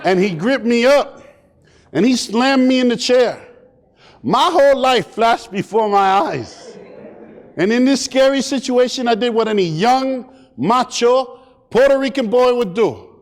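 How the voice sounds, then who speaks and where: A man giving a comedic motivational talk at a community summit, animated and playful as he acts out scenes. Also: very high-pitched, a little slow. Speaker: keynote speaker. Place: large hall at a community summit. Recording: long hall reverb.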